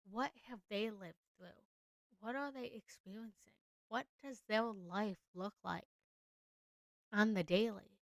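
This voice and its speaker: A young adult woman, a spiritual coach, speaking earnestly in a live coaching session, repeating gentle affirmations. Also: mid-range voice, no echo.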